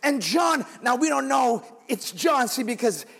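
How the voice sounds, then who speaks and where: A male guest preacher giving an animated, dramatic storytelling sermon on a handheld microphone, calling out to his congregation, with a husky voice. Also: very high-pitched, measured pace. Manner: animated, emotive, calls on the congregation. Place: church sanctuary. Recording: long reverb in a large church hall.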